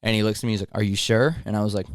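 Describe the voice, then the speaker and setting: A young man with a fairly low voice, recorded close and dry with no room around him. He tells workplace stories in a mocking, profane, casual way, the way a podcast host chats with a friend. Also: steady tone, racing, no room sound. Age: 20s. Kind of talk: casual chat.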